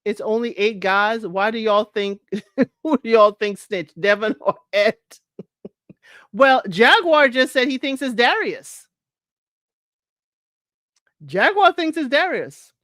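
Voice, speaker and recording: A woman's voice: a little high, lively intonation, takes it slowly, pauses often, a bit bright, no room sound, studio quality. A woman hosting a casual live show, reading viewer comments aloud and chatting with frequent laughter. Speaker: podcast host reading live chat. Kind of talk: casual live recap chat.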